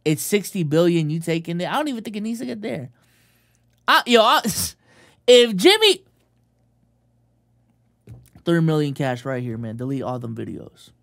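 A man's voice: a little high, fast, vocal fry, few pauses, a little mellow, dry recording, clean studio sound. A man reacting to a video in casual streamer commentary, blunt and profane, joking with his audience.

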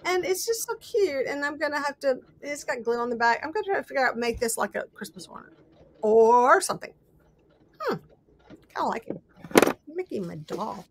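Chatty high-voiced woman showing craft finds. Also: sing-song, moderate pace. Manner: chatty, rambling, laughs often. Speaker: host. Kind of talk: casual livestream chat while crafting.

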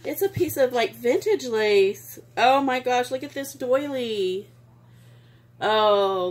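Unboxing craft mail for her vlog, a woman chats casually in a voice on the high side, taking her time. She gushes, gets sentimental, and exclaims frequently.

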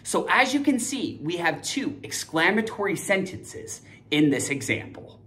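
Animated, upbeat young woman teacher. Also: fairly low pitch, measured pace. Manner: upbeat, emphatic, cheerleading students. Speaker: grammar teacher. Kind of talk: online grammar lesson.

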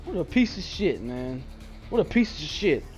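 A man's voice: on the high side, sing-song, moderate pace, a little mellow, dull audio, faint music behind. A young man giving let's play commentary in a profane, frustrated rant. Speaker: gamer.

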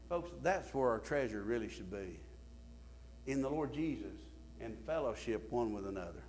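A male pastor preaching a sermon, swinging from emphatic bursts to quiet, low drops. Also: big pitch swings, normal speed.

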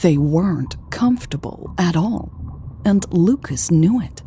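A woman narrating a romance audiobook in a measured, calm reading. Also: fairly low pitch, a little hiss or hum. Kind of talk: scripted narration.

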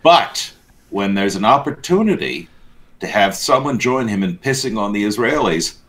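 A man's voice: fairly low pitch, animated, moderate pace, background noise. A man co-hosting a church news show, giving blunt, sardonic commentary in casual banter.

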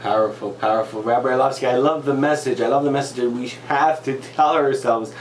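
A man hosting an interview, enthusiastic and quick to repeat his praise. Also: medium pitch, steady tone, a little hiss or hum. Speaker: interviewer, host. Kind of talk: interview chat. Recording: echoey room.

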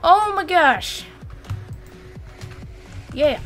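A young woman commentating her gameplay casually, excitable, shrieking and repeating words when things go wrong. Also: mid-range voice, slow pace, faint music behind. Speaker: gaming channel host.

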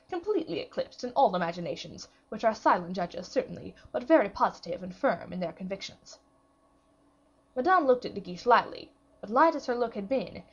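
Audiobook narrator: woman, measured classic-novel reading, breathy husky voice, lo-fi muffled recording. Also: mid-range voice. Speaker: audiobook reader.

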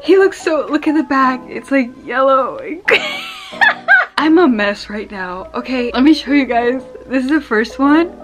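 Gushing young woman squealing at an unboxing. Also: on the high side. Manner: gushing, squealing, breathless repeats. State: tearful. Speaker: vlogger. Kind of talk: excited unboxing vlog. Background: background music.

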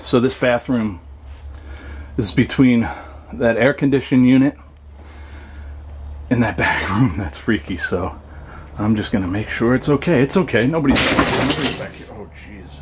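A man's voice: medium pitch, expressive, normal speed, long pauses, heavy background noise. Scared man vlogging a night ghost hunt. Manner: jittery, muttering to himself, calling out into the dark. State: frightened and shaky. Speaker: paranormal vlogger. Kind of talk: nervous solo ghost-hunt vlog. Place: abandoned trailer at night, indoors and out. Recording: night insects and crickets clearly audible.

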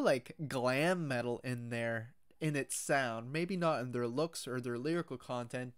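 A man's voice: mid-range voice, clear, resonant tone. A man hosting a music reaction, talking in an easygoing, casual way with filler words, like an enthusiastic fan.

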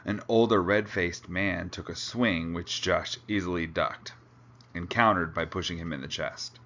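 Low-voiced man reading a novel aloud. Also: measured pace, bright, forceful tone. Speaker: reader. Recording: dull lo-fi recording.

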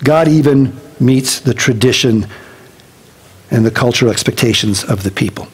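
A male pastor giving a casual Bible-teaching sermon to his congregation, animated and conversational with joking asides. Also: medium pitch, normal speed, breathy edge. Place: church service before a congregation.

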